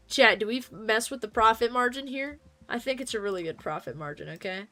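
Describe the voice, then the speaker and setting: A woman's voice: a little high, brisk, few pauses, bright, forceful tone, faint music behind. A woman livestreaming a game, chatting casually and playfully to her viewers, rambling from one topic to the next. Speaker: streamer. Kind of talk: casual gaming livestream chat.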